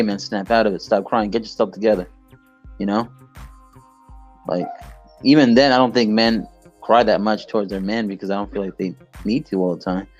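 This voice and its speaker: A man's voice: on the low side, highs cut off. A man co-hosting a podcast, chatting casually and teasing the others with jokes. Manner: joking, teasing. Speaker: podcast co-host. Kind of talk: casual chat.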